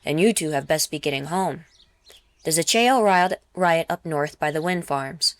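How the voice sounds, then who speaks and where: A woman voicing a huge, gruff male soldier who grumbles and barks orders. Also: on the high side, moderate pace, a bit bright, no echo.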